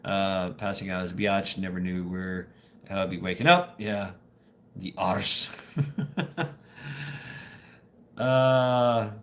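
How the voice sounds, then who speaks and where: A deep-voiced man hosting a stream tells loose, casual stories to his chat, laughing and swearing throughout. He speaks at a measured pace with long pauses, and his tone is a bit bright.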